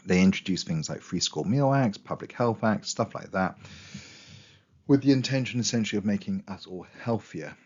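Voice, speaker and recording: A man's voice: sits low, normal speed, muffled recording. A man giving a casual history revision lesson, chatty and full of restarts, and he is losing his voice. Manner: chatty, with quoted asides and restarts. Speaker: history teacher.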